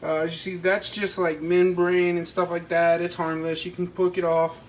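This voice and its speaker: In a casual cooking vlog filmed in his parents' kitchen, a fishing vlogger rambles informally and talks straight to viewers. His voice is high-pitched and level-toned at a moderate pace, and the low-quality recording picks up faint household noise.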